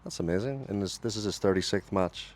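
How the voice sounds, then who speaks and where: Deep-voiced man calling cricket on radio. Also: brisk. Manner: lively ball-by-ball calling, corrects himself. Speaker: lead radio commentator. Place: radio commentary booth.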